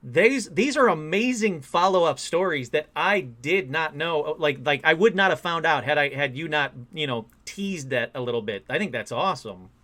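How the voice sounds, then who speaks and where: An enthusiastic podcast host takes listener calls and reacts with loud surprise. He talks in a casual, excitable way. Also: fairly high pitch, moderate pace, hardly any pauses. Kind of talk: casual call-in show chat.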